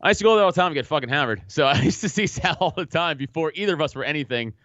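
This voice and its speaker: Casual guest: New man, high lively voice, swears a lot, slightly dull dry recording. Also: rapid-fire, no echo. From Staten Island, New York. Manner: profane, animated storytelling, laughs often. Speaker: podcast guest. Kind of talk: casual chat.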